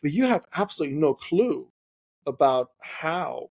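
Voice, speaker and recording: A young man hosting a podcast interview, talking in an animated, opinionated way and slipping into quoted voices. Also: a little high, normal speed, gravelly, breathy edge. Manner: animated, opinionated, mimics voices when quoting. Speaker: podcast host. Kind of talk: casual interview conversation.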